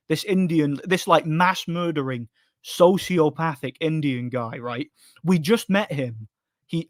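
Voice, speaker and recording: Streamer type: man, slightly high voice, rambling heated rant, dry booth-like sound. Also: no room sound. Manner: rambling, heated, many restarts. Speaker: streamer reading chat. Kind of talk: casual livestream rant.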